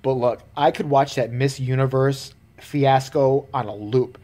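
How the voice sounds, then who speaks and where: A vlogger ranting casually to camera in a profane, animated way, laughing often. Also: mid-range voice, normal speed, few pauses.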